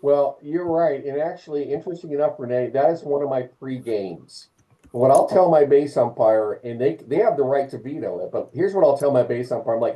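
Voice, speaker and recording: A man with a very dark, mellow voice leads an umpire training session. He talks in an animated way, acting out calls and quoting partners. He often restarts and repeats his phrases. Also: medium pitch, a little fast, poor audio. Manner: animated, acts out calls and quotes. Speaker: umpire clinic instructor. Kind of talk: live online training session.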